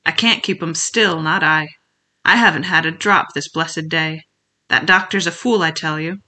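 A reader voicing a sick old male sea captain who craves rum, talking in a weak voice with rough sailor's dialect, by turns pleading and blustering. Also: medium pitch, moderate pace, bright, forceful tone. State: weak, feeble voice. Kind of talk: audiobook character reading.

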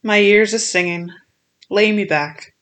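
A reader voicing a sick old male sea captain who craves rum, talking in a weak voice with rough sailor's dialect, by turns pleading and blustering. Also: mid-range voice, a little slow, fairly bright tone, lightly acted. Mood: feeble. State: weak, feeble voice. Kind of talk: audiobook character reading.

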